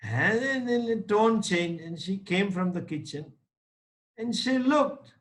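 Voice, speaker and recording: Slow, deliberate male spiritual teacher. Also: sits high, lively intonation, poor audio. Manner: deliberate, anecdotal, emphatic. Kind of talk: religious lecture with a story.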